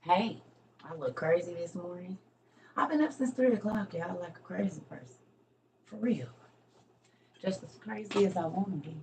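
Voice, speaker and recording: Middle-aged woman, lower voice, easygoing livestream host talking to her viewers, faint room noise. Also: moderate pace, pauses often, a little mellow, low-quality recording. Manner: chatty, addresses viewers as y'all. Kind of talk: casual morning livestream chat. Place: home room.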